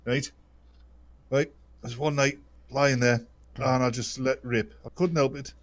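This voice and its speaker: A man, telling a casual anecdote in a halting way, repeating words and pausing on uhs. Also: medium pitch, steady tone. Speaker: podcast co-host.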